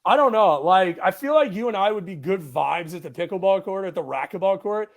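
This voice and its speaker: A man's voice: high-pitched, lively intonation, a little fast. A young man hosting a casual chat, laid-back and jokey, full of "bro" and "like". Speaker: podcast host.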